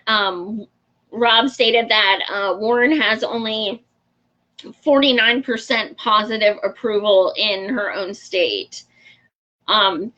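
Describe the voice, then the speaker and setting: A woman's voice: medium pitch, pushed and bright, dull audio. A woman hosting a show and chatting casually with her viewers, frank and talkative, laughing often and swearing freely. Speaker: show host. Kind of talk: casual livestream chat answering viewer comments.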